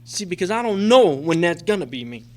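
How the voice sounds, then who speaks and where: Very animated and a little fast, a middle-aged man with a high voice pours out an emotional, swear-laden testimony to a recovery group. He's a convention speaker in a meeting room, and his talk meanders, stuffed with "you know" and "man."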